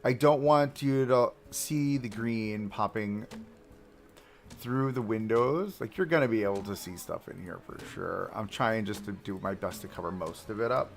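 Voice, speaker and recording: A young man with a lowish voice talks at a moderate pace, casually chatting to a live audience while he builds a theme park in a game. He's a streamer, talking to himself, cracking jokes and grumbling at the controls in loose live-stream commentary.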